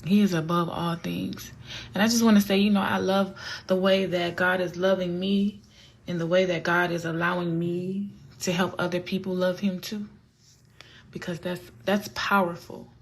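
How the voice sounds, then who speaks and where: Woman, husky lower voice, casual faith talk, earnest, repeats herself, a bit preachy. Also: flat delivery, normal speed. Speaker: vlogger.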